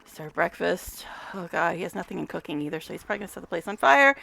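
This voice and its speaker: A woman's voice: medium pitch, fast, creaky, a bit bright, dry recording. A woman giving casual gameplay commentary, chatty, talking to the game characters, swearing and laughing often. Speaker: gamer vlogger.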